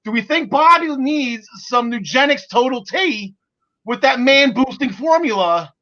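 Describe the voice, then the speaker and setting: A man in his forties hosting a casual wrestling podcast, excitable and jokey, with lots of fillers. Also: very high voice, a little slow. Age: 40s. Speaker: podcast host. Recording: lo-fi audio.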